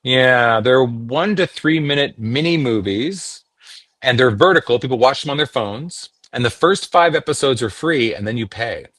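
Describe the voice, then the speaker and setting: A man's voice: medium pitch, normal speed, no room sound. A middle-aged man from Canada, a voice actor talking casually in an interview and slipping into accent demonstrations. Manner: demonstrates accents, animated storyteller. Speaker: voice actor guest.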